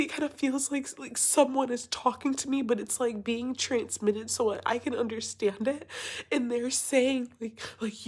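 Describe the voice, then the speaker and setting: Woman, tearful, breathless, halting, video diary, fairly high voice. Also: steady tone. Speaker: vlogger recording a video diary.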